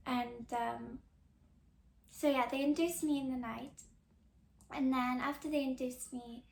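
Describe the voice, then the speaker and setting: Young woman, podcast host, high-pitched, gravelly edge, rambling casual chat, roomy echo. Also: a little hiss or hum. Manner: chatty, rambling, many "like" fillers and restarts.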